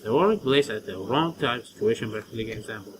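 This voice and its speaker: A man hosting a let's play, reading a visual novel aloud in a halting way with fillers and self-corrections. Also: medium pitch, animated, background noise.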